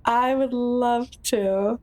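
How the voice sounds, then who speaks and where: A woman's voice: a little high, fairly even intonation, extremely slow, a little mellow. A woman taking part as a player in a tabletop role-playing game, easygoing as she describes her character's actions.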